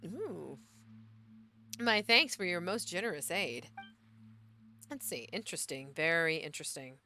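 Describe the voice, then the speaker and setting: A woman voicing a forgetful, scholarly male adventurer, reading his lines in a measured, musing way. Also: lowish voice, expressive, bright, forceful tone, a little hiss or hum, full character voice.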